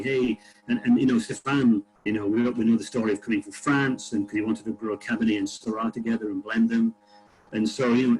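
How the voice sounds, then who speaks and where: A man's voice: medium pitch, darkish tone, poor audio. Rambling man chatting on a video call. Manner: rambling storyteller with many fillers and restarts. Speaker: winery panelist. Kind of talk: casual video-call chat. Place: outdoors in a vineyard. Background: tractor passing.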